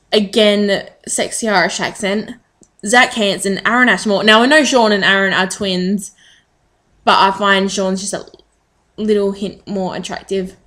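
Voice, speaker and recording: A woman talking casually to her camera. She rambles from one thing to the next, filling pauses with plenty of ums, at an ordinary pitch for a woman. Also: fairly bright tone. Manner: chatty, rambling, frequent ums. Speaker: vlogger.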